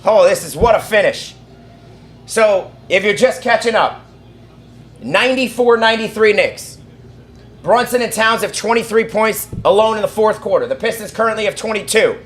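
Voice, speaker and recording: A man calling live basketball play-by-play from his own setup, rattling off quick calls and shouting at the big plays. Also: sits high, echoey room, slight background noise. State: out of breath. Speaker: fan play-by-play commentator.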